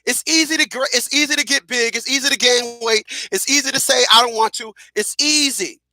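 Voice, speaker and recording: A middle-aged man hosting a radio show, telling stories in a casual, animated way, repeating phrases and acting out what people said. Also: extremely high pitch, a little fast, no echo, clean studio sound. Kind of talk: casual storytelling monologue.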